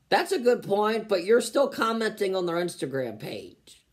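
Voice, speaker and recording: Sarcastic man with a lively voice. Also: high voice, moderate pace. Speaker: comedian. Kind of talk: comedic vlog reading online comments.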